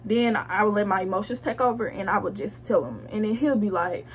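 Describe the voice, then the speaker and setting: A young woman blunt, slangy and animated as she tells viewers a personal story in a casual storytime vlog. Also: mid-range voice, fairly quick. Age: young adult. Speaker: vlogger telling a story.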